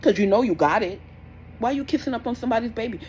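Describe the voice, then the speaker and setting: A woman's voice: on the high side, expressive, very fast, a little mellow, slight background noise, rough recording. A young woman, giving blunt, repetitive parenting advice in a scolding, casual rant. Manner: blunt, scolding, repeats herself. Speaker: parenting vlogger.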